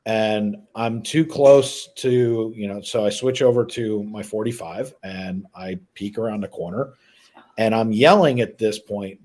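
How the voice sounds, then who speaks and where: A middle-aged man hosting a live stream, telling a story with lively acted-out dialogue. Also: on the low side, measured pace. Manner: animated storyteller, acts out dialogue. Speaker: host.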